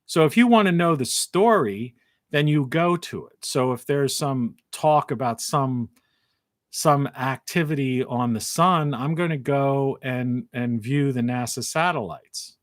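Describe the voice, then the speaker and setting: A man talks through a solo live-show monologue in a mid-pitched voice, roaming from point to point and circling back with restarts. His voice has a dry, early-morning edge, and the room adds almost no echo. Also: unhurried. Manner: rambling, with frequent restarts and asides. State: morning voice, clearing throat. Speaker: talk show host.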